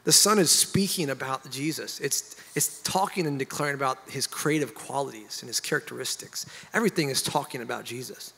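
A man, a pastor, sharing his testimony in an animated, emotional way and getting loud at the high points. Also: brisk, creaky, few pauses, slightly rough, in a large hall. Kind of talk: candid conversational testimony.

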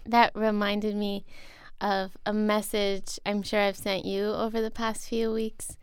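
Slow, gravelly-voiced woman reflecting. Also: mid-range voice, flat delivery, dry recording, clean studio sound. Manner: slow, thoughtful, soft-spoken. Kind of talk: reflective conversation.

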